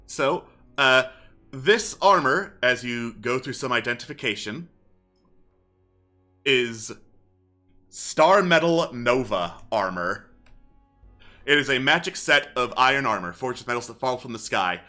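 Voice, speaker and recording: Bright-voiced man running a tabletop game. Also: medium pitch, animated, soft background music. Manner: reads a letter slowly and softly. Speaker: game master.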